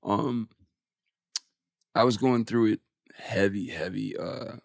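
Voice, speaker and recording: A man's voice: lowish voice, slow pace, vocal fry, dry recording, clean studio sound. A man in his forties, a musician guest on an interview podcast, telling a personal story candidly and emotionally, with some swearing.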